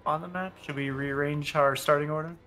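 A man's voice: on the high side, steady tone, a little fast, a bit bright, faint music behind. A man playing a tabletop game, speaking matter-of-factly. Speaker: player.

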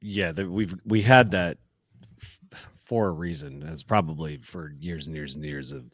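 A man with a very deep voice co-hosts a podcast, wry and easily exasperated. He rants in short bursts. His voice sits close and dry on the mic. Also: unhurried, fairly bright tone, no echo. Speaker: podcast co-host. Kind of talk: casual podcast chat.

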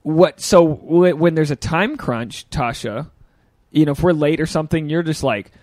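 A man's voice: on the high side, normal speed, a little mellow, no room sound. Loose, swearing man on a podcast. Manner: loose, profane, self-deprecating. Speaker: podcast host. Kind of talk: casual chat.

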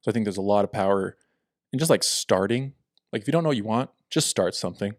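A man's voice: on the low side, quick pace, dry recording, clean studio sound. A young man co-hosting a podcast, chatting casually with a rambling, filler-heavy manner. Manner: relaxed, rambling with many fillers. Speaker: podcast co-host. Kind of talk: casual chat.

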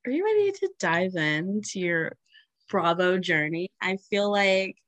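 A woman's voice: medium pitch, animated, measured pace, fairly bright tone, no room sound. Giggly young woman podcast host. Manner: chatty, giggly, lots of fillers. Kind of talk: casual chat.

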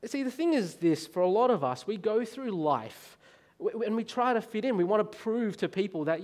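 An Australian man in his thirties delivers a sermon with a fairly high voice. He tells stories with energy and often stumbles and repeats his words. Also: normal speed. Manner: animated storytelling, stammers and repeats words. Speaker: preacher.

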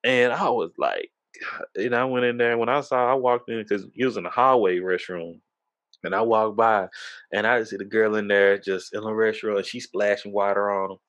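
A man's voice: lowish voice, fairly even intonation, moderate pace, a bit bright. A man, telling a funny story in casual chat, emphatic and laughing often. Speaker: storyteller recounting a party.

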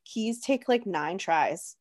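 A young woman recounts things in a loose, chatty way, full of fillers and quick asides. Her voice sits at an ordinary middle pitch. It feels like an easygoing conversation between friends. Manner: chatty, animated storytelling with many "like"s. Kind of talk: casual chat.

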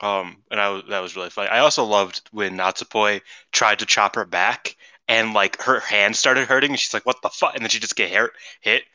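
A man's voice: fairly low pitch, fairly even intonation, fairly quick, bright, forceful tone, clear, resonant tone, no room sound, low-quality recording. A man co-hosting a podcast in casual chat, rambling with many fillers and laughs. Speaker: podcast co-host.

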